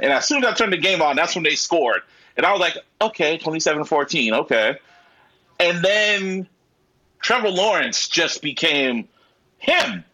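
Lively husky-voiced man, animated and profane. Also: fairly high pitch, moderate pace, low-quality recording. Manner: animated, profane, acts out his own reactions. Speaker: podcast co-host. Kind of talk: casual chat.

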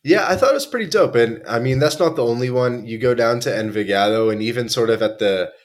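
A man's voice: medium pitch, expressive, quick pace. A young man from Canada, a podcast guest telling travel stories in a laid-back, slangy way with many restarts. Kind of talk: casual chat.

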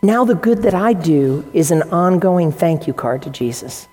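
A woman's voice: on the low side, lively intonation, normal speed, warm tone. A woman pastor preaching a sermon to her congregation, teaching earnestly with varied emphasis. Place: church sanctuary. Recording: long reverb in a large hall.

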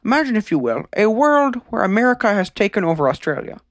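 A man's voice: high-pitched, sing-song, fast, no room sound. Rambling man hosting a mock-conspiracy podcast. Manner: rambling, stammering, mock-serious. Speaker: podcast host. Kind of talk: comedic conspiracy monologue.

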